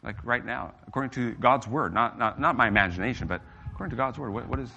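A man's voice: mid-range voice, quick pace, vocal fry, pushed and bright, muffled recording, a little hiss or hum. A middle-aged man preaching a sermon in an emphatic, earnest way, his voice rising and dropping for emphasis.

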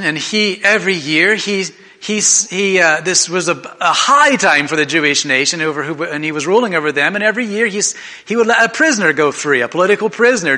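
A man preaching a sermon in an animated, conversational way, often restarting his sentences. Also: a little high. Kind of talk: sermon storytelling.

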